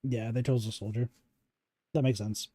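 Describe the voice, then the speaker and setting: A man with a warm, mellow voice talks a co-player through a game, hiccuping as he goes. He pauses often and fills gaps with "um" and "like." The sound is dry and close. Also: medium pitch, steady tone, no room sound. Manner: halting coaching with many fillers. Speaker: streamer guiding a co-player. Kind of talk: casual gaming chat.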